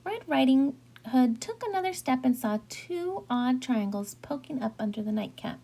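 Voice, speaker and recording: A woman teacher narrates a classic fairy tale aloud with lively, dramatic phrasing. Her voice is mellow and husky with a gravelly edge, and its pitch sits a little high. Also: normal speed, hardly any pauses. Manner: expressive, dramatic storytelling. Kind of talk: storybook read-aloud narration.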